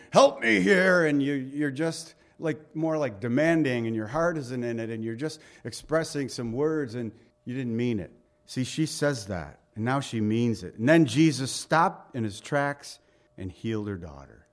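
A man preaching a sermon as a pastor, earnest, asking the congregation rhetorical questions and swinging between loud emphasis and soft, low passages.

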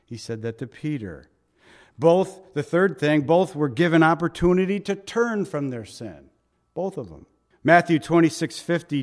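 A man preaching a sermon, telling scripture as vivid scenes with rhetorical questions, dropping soft for tender quoted lines. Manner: voice drops soft and low for quoted tender words.

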